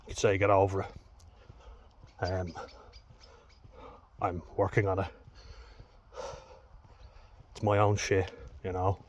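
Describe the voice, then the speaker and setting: A man's voice: low-pitched, level tone, takes it slowly, pauses often, muffled recording. A man telling a personal story to camera, blunt and frank, swearing heavily. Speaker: vlogger.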